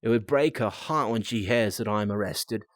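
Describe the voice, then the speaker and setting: A man's voice: fairly low pitch, normal speed, no room sound, studio quality, lightly acted. A man voicing a grim, dying old man with a put-on Australian accent, in a storybook reading. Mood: grave.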